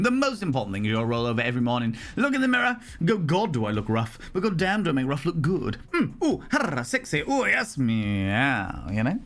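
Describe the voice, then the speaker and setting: Playful and over-the-top, a man hosting a livestream talks casually to his audience in a high voice. He swears liberally and swings from yelling to hushed asides.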